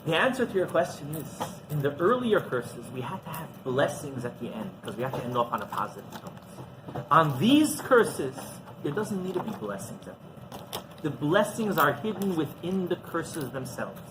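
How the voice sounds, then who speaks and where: A man, a rabbi, teaching a class through an animated story and often checking in with the listeners. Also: fairly high pitch, normal speed, background noise. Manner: animated storyteller who often asks "right?".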